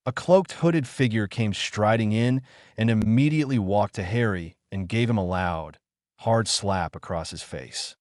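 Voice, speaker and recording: A man narrating a fan-fiction story in a lively storytelling manner. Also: lowish voice, measured pace, dry recording, studio quality.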